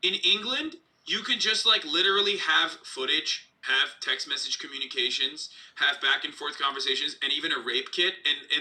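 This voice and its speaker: Blunt, bright-voiced man commenting. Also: a little high, fairly even intonation, a little fast, hardly any pauses. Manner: blunt and profane. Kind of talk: casual commentary on news clips.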